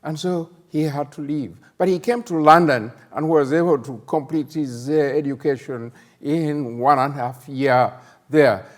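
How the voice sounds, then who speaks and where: An older man from Uganda, a professor hosting a plenary session, speaking in a halting way with many fillers and emphatic rhetorical questions. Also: a little high. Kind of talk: conference plenary talk.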